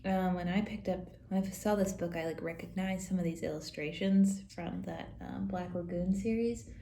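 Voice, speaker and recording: A woman teaching Sunday school who reads a silly picture book aloud to children, playful and quick to giggle. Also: on the low side, fairly even intonation, creaky, dark tone, slight background noise. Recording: roomy echo.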